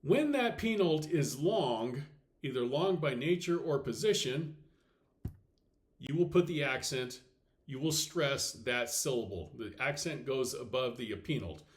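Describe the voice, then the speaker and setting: A man teaching a recorded slide lesson, explaining step by step, checking in with "okay" and saying example words slowly and deliberately. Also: medium pitch, lively intonation. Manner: clear step-by-step explaining with frequent okays. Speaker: Latin teacher.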